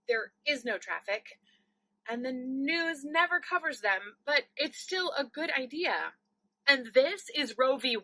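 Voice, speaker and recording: A woman performing a comic stage monologue as a frazzled woman teaching and taking calls, animated and switching between English and Spanish. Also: a little high, dry recording, poor audio. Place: home, recorded for a virtual play festival.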